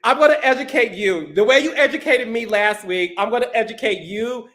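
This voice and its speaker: A man hosting a podcast and telling a story in a casual, animated way, often repeating words. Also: very high-pitched, a little fast. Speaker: podcast host. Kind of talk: casual chat.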